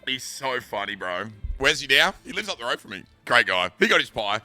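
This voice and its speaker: A man's voice: medium pitch, big pitch swings, brisk, sharp tone, soft background music. A young Australian man casually telling a rambling, sweary school story, full of bro and dude. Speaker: streamer.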